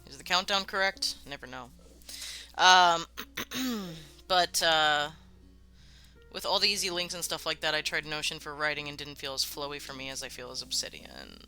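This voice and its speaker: A streamer hosts a live worldbuilding show, answering viewer comments in loose, casual chat with many fillers and free swearing. The voice is mid-range, animated and at normal speed, pushed and bright yet smooth, with faint music behind it.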